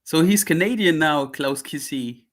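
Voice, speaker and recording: A man appearing as a guest on a livestream, chatting in a dry, joking, low-key way while feeling unwell. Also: measured pace. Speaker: show guest. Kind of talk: casual livestream chat.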